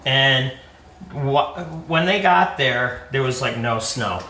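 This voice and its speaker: Chatty man, bright voice in an echoey kitchen. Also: medium pitch, slow pace, slight background noise. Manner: chatty, jokey storyteller with animated quoted voices. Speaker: podcast co-host. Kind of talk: casual chat while cooking. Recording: echoey room, distant mic, faint ambience.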